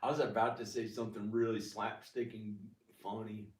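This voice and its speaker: A man's voice: lowish voice, flat delivery, normal speed, a little mellow. A man rambling casually in a vlog, laughing often and poking fun at himself, in a house with big ceiling beams. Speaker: vlogger. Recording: echoey room, distant mic.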